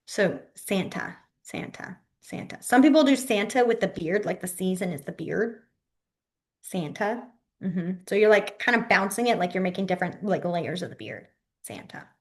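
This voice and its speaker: Teaching sign language online in an informal, talkative way, this young woman speaks at normal speed with a mid-range, expressive, darkish voice. She frequently lets her sentences trail off as she shows the signs.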